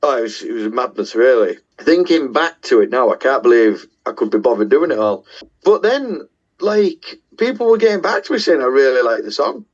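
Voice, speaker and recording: A middle-aged Yorkshireman, appearing as a guest musician, tells casual, self-deprecating stories peppered with the occasional swear word. His mid-range voice swings widely in pitch at a moderate pace and sounds slightly rough, and the audio is dull.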